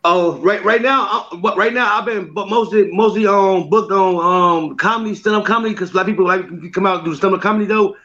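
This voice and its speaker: A man with a high, bright voice tells stories in a relaxed interview, acting out the voices he quotes and laughing often. The recording is slightly muffled and lo-fi. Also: quick pace, hardly any pauses. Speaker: comedian and skit maker. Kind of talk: casual interview.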